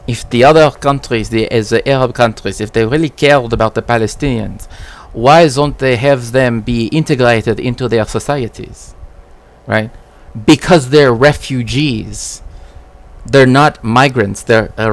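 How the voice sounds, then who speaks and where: A man's voice: mid-range voice, unhurried. A man streaming casual commentary as a cultural historian, rambling with frequent "right?" tags and restarts.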